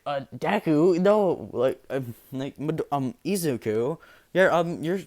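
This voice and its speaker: A man's voice: on the high side, expressive, slow pace, darkish tone, voice pushed up. A man voicing a flustered, loyal girl sidekick who stammers.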